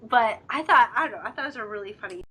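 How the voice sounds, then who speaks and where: A woman's voice: on the high side, animated, very fast, sharp tone, breathy edge. A young woman co-hosting a casual drama discussion, chatty and giggly, acting out scenes in quoted voices. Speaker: co-host of a drama discussion channel. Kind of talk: casual chat.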